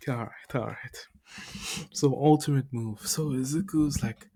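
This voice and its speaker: A man's voice: mid-range voice, takes it slowly, dark tone, husky. A man casually recapping a fan story as a channel host, rambling with many fillers and laughing at himself.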